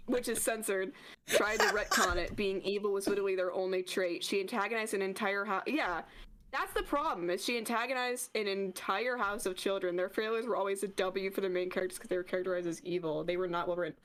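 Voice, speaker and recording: A woman streamer in casual chat, animated and swearing often, with frequent laughs. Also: medium pitch, fast.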